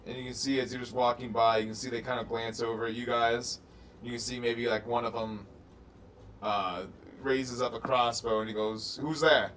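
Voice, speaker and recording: A man's voice: medium pitch, little pitch movement, moderate pace, a bit bright, recorded from a distance. A man narrating as game master of a tabletop game, in a loose, rambling way full of fillers and restarts. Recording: noisy recording from off mic.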